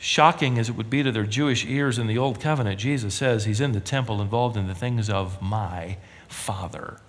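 A male pastor preaching a sermon, emphatic, swinging from loud stresses to hushed asides, in a hall with long reverb. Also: lowish voice, normal speed. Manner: animated preaching, emphatic rises and drops to near-whisper.

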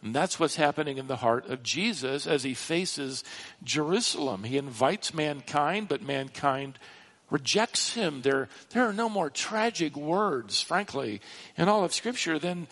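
A man preaching a sermon, slow and emphatic, with dramatic rises in pitch on key words. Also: lively intonation, fairly bright tone. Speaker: pastor.

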